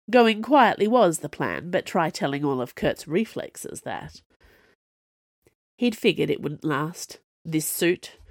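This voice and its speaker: A woman narrating a novel as an audiobook, with expressive storytelling. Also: low-pitched, dry recording, studio quality. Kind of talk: scripted narration.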